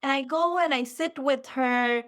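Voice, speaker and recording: Animated woman telling a story. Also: high-pitched, measured pace. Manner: animated, acts out her own past lines. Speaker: podcast guest, physical therapist. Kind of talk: casual storytelling in interview. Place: lived in the Midwest.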